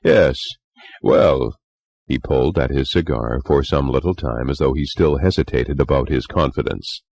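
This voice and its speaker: A man narrating a classic ghost story in a measured storytelling manner. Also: very deep voice, gravelly, a little mellow, no echo. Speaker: audiobook narrator. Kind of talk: audiobook narration.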